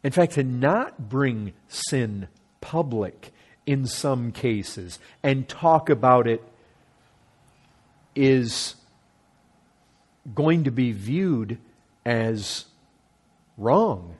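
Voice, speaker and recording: A man delivers an earnest sermon as a pastor, repeating phrases and climbing in pitch to stress each point. His voice has a husky edge. The melody is animated, rising and falling widely as he preaches. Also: drawn-out words, long pauses.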